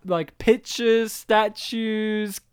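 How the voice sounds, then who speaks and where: A man's voice: high-pitched, steady tone, extremely slow, clear, resonant tone. A man co-hosting a podcast, teasing his friends and riffing on jokes in casual chat. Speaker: podcast co-host.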